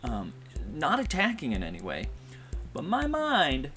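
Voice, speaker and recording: A man's voice: fairly high pitch, wildly swooping pitch, a little slow, sharp tone. A man telling a personal story in a vlog, in a rambling, heartfelt way with many fillers and restarts. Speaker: vlogger. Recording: music playing behind.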